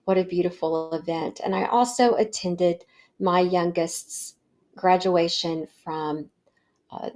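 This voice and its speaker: A middle-aged woman hosting a wellness show, telling a personal story in a warm, reflective way with fillers. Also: lowish voice, fairly even intonation, slow pace. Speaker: podcast host.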